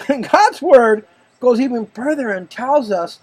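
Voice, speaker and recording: A man's voice: very high voice, animated, takes it slowly, a little mellow, breathy edge, low-quality recording. A man hosting a show, mixing jokey commentary with Bible reading, playful and laughing often. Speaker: host.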